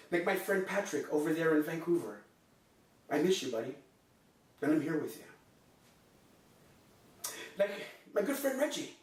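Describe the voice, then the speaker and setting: On his sports podcast, a man goes off on a comedic rant that is passionate and theatrical, lurching from low growls to loud, high bursts. The room echoes and he sits far from the mic.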